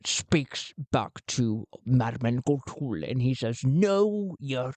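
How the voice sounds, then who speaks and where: A man plays through a solo tabletop game, narrating each roll and thinking aloud as he restarts his sentences. His delivery is slow and unhurried, and the recording is dry and close. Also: mid-range voice, no room sound.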